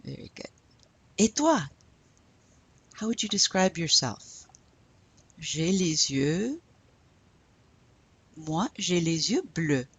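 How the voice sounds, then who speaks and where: A woman's voice: on the low side, big pitch swings, slow pace, pauses often, slightly rough, dry recording. A woman teaching a French lesson, patiently asking questions and then modeling the answers. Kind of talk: recorded classroom lesson.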